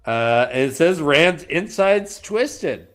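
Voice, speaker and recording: A man's voice: a little high, animated, slow, fairly bright tone. A man hosting a casual chat, playfully retelling scenes and doing mock voices. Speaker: podcast host recapping a book.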